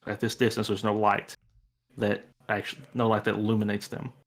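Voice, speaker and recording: A man's voice: lowish voice, brisk. Man narrating a tabletop game as game master. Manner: relaxed, rambling description with fillers.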